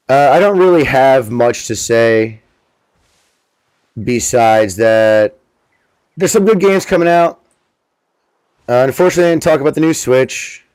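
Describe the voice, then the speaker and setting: A man's voice: mid-range voice, a little mellow, clear, resonant tone, no echo. A man hosting a stream, talking in a rambling, offhand way and swearing casually. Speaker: streamer host. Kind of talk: casual gameplay commentary.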